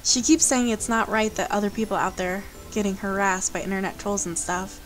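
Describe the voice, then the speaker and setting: A woman's voice: medium pitch, fairly quick, soft background music, low-quality recording. A woman hosting a let's play, reading a visual novel aloud and breaking off for playful, chatty asides.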